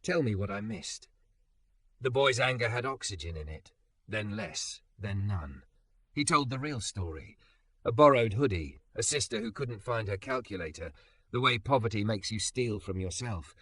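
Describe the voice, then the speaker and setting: A man narrating a scripted story in an even, measured reading. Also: on the low side, no room sound.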